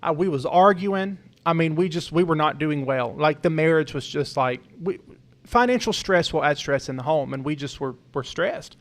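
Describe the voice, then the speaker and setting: A man's voice: on the high side, lively intonation, normal speed. A young man co-hosting a podcast, telling a family story in an earnest, rambling way with many restarts. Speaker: podcast co-host. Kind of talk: casual storytelling talk.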